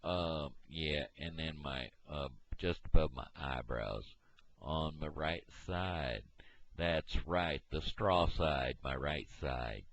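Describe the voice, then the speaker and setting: Slow, low-voiced folksy man rambling. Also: fairly bright tone. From Missouri. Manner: meandering, halting, folksy. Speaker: vlogger. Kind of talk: rambling casual monologue. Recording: dull lo-fi home recording.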